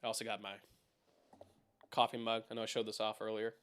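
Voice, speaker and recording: A man's voice: lowish voice, completely flat delivery, brisk, a bit bright, clean tone. A young man hosting a casual live stream from home, rambling, swearing and chatting with viewers about keyboards. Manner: rambling, swears, laughs often, talks to chat.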